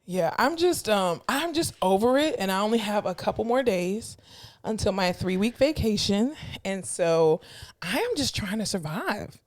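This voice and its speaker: A woman's voice: medium pitch, expressive, moderate pace. A woman co-hosting a podcast, telling blunt, profane work stories with laughing asides in casual chat. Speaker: podcast co-host.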